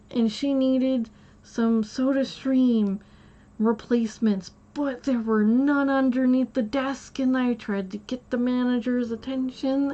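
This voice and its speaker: A woman's voice: a little high, darkish tone, lo-fi sound. A woman streamer casually retelling a story from her day, rambling and quoting the back-and-forth with many "I was like" asides. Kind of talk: casual storytelling while gaming.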